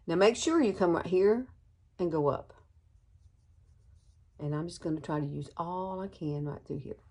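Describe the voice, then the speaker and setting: A woman's voice: lowish voice, normal speed, mellow. Chatty woman in her sixties. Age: 60s. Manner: chatty, enthusiastic, calls viewers girlfriends. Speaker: beauty vlogger. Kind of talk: casual makeup tutorial.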